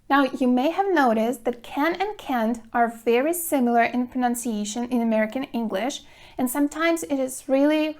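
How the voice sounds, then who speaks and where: A woman teaching an English grammar lesson to camera, speaking clearly and deliberately, stressing words to show pronunciation. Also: on the high side, a little mellow. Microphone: phone camera.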